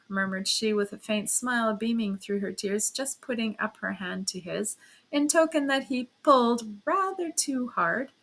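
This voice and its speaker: Brief: female audiobook narrator, measured storytelling, bright tone. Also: a little high. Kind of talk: audiobook reading of a classic novel.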